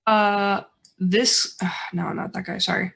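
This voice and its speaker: Bright, gravelly-edged woman player. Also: mid-range voice, steady tone, slow pace. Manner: unsure, checking rules. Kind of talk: casual tabletop play.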